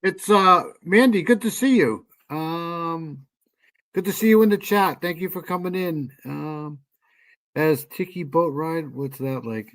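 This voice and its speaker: A man's voice: fairly high pitch, unhurried, fairly bright tone. Laid-back man hosting a livestream. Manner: laid-back, greets chat, trails off with fillers. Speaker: livestream host. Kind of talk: casual livestream commentary.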